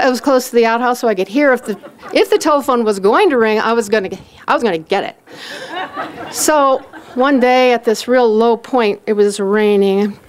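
A woman with a fairly high voice tells her own story. She acts out the people in it, and laughter slips into her words again and again. Her delivery stays lively and personal. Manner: animated, acts out quoted voices; often laughs while talking.

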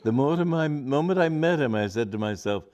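A man doing a pompous preachy young gentleman. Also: medium pitch, expressive, a little fast, voice pushed up, lightly acted. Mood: agreeable. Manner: theatrical, preachy.

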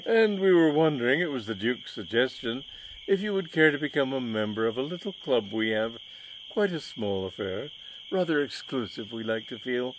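A man's voice: mid-range voice, sing-song, moderate pace, a little hiss or hum, lightly acted, poor audio. A man reading a story aloud, voicing a shy, diffident elderly lord who stammers and speaks with nervous, overly polite fawning. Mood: awed.

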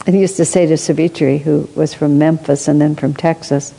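A woman telling stories in a reflective spiritual discussion, thoughtful, with asides and soft laughs. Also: sits low, fairly even intonation, brisk, vocal fry, breathy edge. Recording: long hall reverb.

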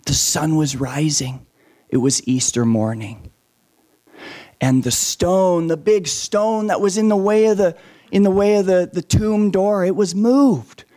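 Brief: a lively man telling a story to children, voice a bit high, asks questions. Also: breathy edge. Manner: animated, asks the listeners questions.

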